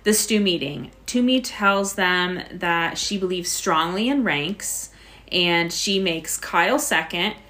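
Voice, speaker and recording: A woman's voice: lowish voice, animated, slow, bright, forceful tone. A woman co-hosting a podcast, casually recapping an episode and filling her talk with "like" and "so". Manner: chatty, narrating events with frequent "like" and "so". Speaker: podcast co-host.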